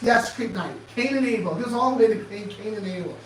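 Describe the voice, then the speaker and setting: A man giving an animated motivational talk, firing off sarcastic rhetorical questions in a presentation room. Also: high voice, fast, background noise. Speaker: speaker. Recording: echoey room, distant mic, faint ambience.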